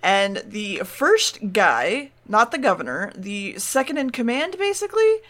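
A woman's voice: medium pitch, sing-song, slow pace, fairly bright tone. A woman co-hosting a podcast, chatting casually as she recaps an episode, laughing and swearing now and then. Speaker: podcast co-host.

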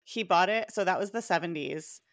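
Giggly woman with a gravelly voice. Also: on the low side, moderate pace. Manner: chatty, giggly, trailing off with fillers. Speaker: podcast co-host. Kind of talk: casual chat.

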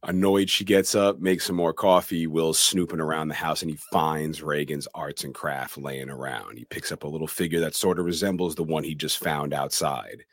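A man's voice: very deep voice, fairly even intonation, moderate pace, few pauses, no room sound. A man co-hosting a podcast, recapping a horror film scene by scene in a casual way. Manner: retells scenes plainly, acts out quoted lines. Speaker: podcast co-host.

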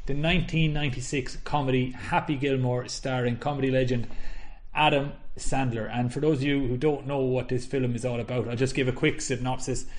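Co-host, man in his thirties, enthusiastic and laughing, middle pitch. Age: 30s. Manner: enthusiastic, laughs often while retelling. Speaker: podcast co-host. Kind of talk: casual chat.

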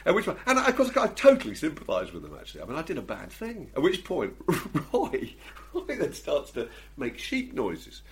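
A man's voice: a little high, huge pitch swings, normal speed. A man who broadcasts for a living tells a comic anecdote on a chat show. He laughs often and acts out the lines of the people in his story.

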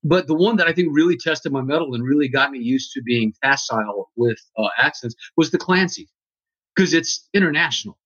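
Man, middle-aged, guest actor; relaxed, self-deprecating chat, dry muffled recording. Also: medium pitch, brisk, no echo. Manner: thoughtful, easygoing, self-deprecating. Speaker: actor and audiobook narrator. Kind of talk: casual chat.

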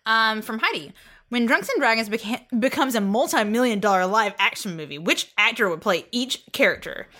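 A woman's voice: fairly high pitch, animated, fairly quick, sharp tone. A woman chatting enthusiastically on a podcast, casually swearing.

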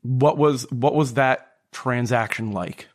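A man's voice: mid-range voice, slow. A man voicing a lovesick adventurer who pleads earnestly for news of someone dear. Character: lovesick adventurer searching for a loved one.

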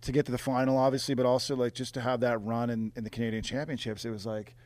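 A man's voice: medium pitch, flat delivery, darkish tone, dry recording. Chatty male podcast host. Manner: chatty, chimes in with quick affirmations, says "like" a lot. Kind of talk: casual podcast interview.

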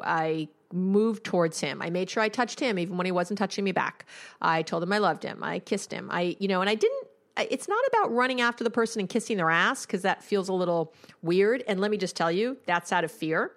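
A woman, a couples therapist, hosting an advice podcast in a candid, conversational and emphatic way. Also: fairly low pitch.

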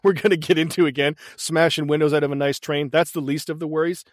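A man with a high, light voice recaps a movie in loose, profane chat, laughing often. The sound is close and dry, with no room around it. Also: fast, no echo. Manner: laughing, profane, animated retelling. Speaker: podcast co-host.

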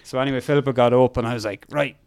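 An Irish man telling a long cycling story as a podcast guest, rambling and animated, with lots of fillers, and he slips into voices to quote people. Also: medium pitch, very fast, smooth, dry recording, studio quality. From Ireland. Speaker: podcast guest, endurance mountain biker. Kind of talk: casual storytelling chat.

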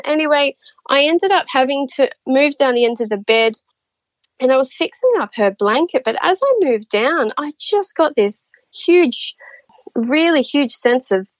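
A woman, a nurse, chatting as a guest and telling her stories in a lively way, laughing often and acting out what people said. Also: high voice, dry recording. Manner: animated, laughs often, acts out quotes. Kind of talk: casual storytelling chat. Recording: slightly dull lo-fi audio.

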